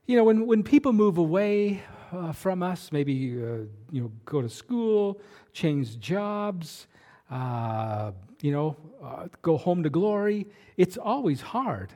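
A man's voice: high voice, very animated, slow, warm tone. A man preaching a sermon as a pastor, in a conversational way with many fillers and restarts.

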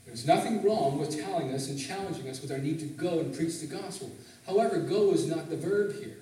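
A man with a somewhat high, mellow voice speaks fairly quickly as he preaches a sermon. As pastor, he teaches and frequently poses questions to the congregation in a Canadian church sanctuary. The hall is very echoey, and his voice comes from a distance.

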